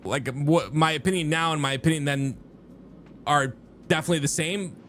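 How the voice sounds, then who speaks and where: A man streams a game live, chatting casually and rambling with viewers while often cutting himself off. His voice is a little high, brisk and a bit bright, with slight background noise and faint music behind him.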